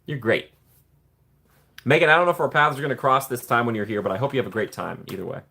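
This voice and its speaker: Casual male streamer reading chat, friendly, talkative, average pitch. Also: fast talker, gravelly, breathy edge. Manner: friendly, chatty, addresses viewers by name; playful put-on excited voices when joking. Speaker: livestream host reading chat.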